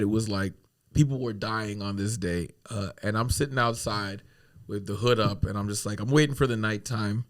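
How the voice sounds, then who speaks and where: Laughing man telling a wild story. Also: on the low side. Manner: animated, laughs through his own story; swears freely. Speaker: podcast guest. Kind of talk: casual storytelling.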